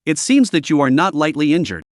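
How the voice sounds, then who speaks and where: A man's voice: fairly high pitch, animated, brisk, no echo, studio quality, lightly acted. A man voicing a scheming, cruel old male demonic cultivator, speaking in a cold, scornful manner. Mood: sneering.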